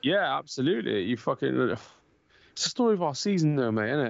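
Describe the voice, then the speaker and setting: A young man co-hosting a casual football podcast, swearing freely and telling animated stories full of banter. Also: medium pitch, a little fast, creaky, dry recording, muffled recording. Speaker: podcast co-host.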